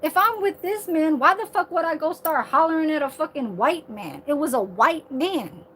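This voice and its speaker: High-voiced woman ranting to camera. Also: normal speed, slight background noise. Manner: animated, heavy profanity, lots of filler. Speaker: vlogger. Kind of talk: casual rant to camera.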